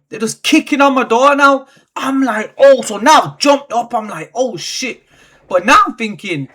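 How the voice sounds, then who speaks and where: Male vlogger, bright forceful tone, sweeping pitch, slangy storytelling. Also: slightly rough. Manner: animated, slangy, swears often. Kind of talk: casual storytelling.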